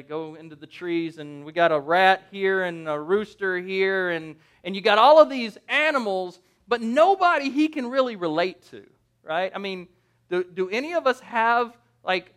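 A man's voice: sits high, fairly bright tone, clean tone. A man preaching a sermon as a pastor, conversational and jokey, often checking in with the listeners and correcting himself mid-sentence. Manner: conversational, jokey, asks the audience "right?"; restarts and self-corrections.

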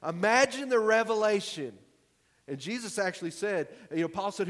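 Male pastor, high-ish voice, easy conversational sermon, long church reverb. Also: animated, normal speed, fairly bright tone. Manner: conversational, emphatic preaching. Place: church hall.

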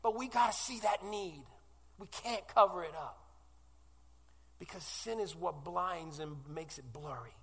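Brief: man in his 40s, pastor mid-sermon, high and ardent, long church reverb. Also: measured pace, husky. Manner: impassioned, swinging from loud declarations to hushed, tearful-sounding pleas.

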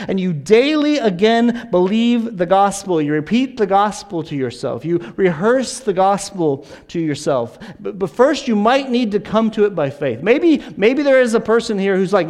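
A man's voice: high-pitched, very animated, moderate pace, hardly any pauses, a little mellow. A man preaching a sermon, earnest and insistent, often repeating a word as he presses a point. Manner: earnest, repeats words when stressing a point.

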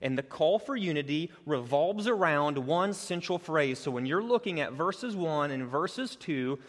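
A man with a fairly high voice preaches a sermon, earnest and emphatic, climbing higher and louder as he drives his points home. His voice carries a long, ringing reverb, as if recorded in a large church hall. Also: animated, a little slow. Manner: earnest, building emphasis, rises in pitch and force as he presses a point. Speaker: pastor.

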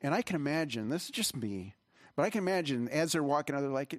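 A man's voice: on the high side, animated, fast, dry recording. A man preaching a conversational sermon as pastor, earnest and rambling, with many restarts and fillers. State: emotional, voice catching. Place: church hall.

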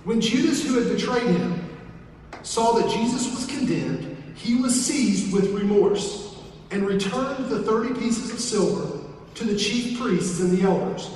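A man's voice: high-pitched, lively intonation, measured pace, darkish tone, a little hiss or hum. A man from southern West Virginia with an Appalachian accent, preaching a sermon in a folksy way with joking asides. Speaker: pastor. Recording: echoey hall, from far off.

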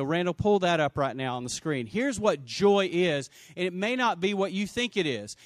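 Male pastor, high lively voice, dry close sound, energetic sermon delivery with shouts. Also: dry recording. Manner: animated preaching with shouts and call-and-response.

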